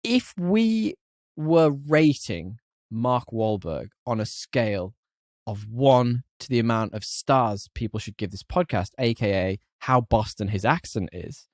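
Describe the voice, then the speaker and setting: A man's voice: lowish voice, unhurried, no echo, studio quality. A man co-hosting a casual podcast, upbeat and laughing often as he banters. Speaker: podcast co-host.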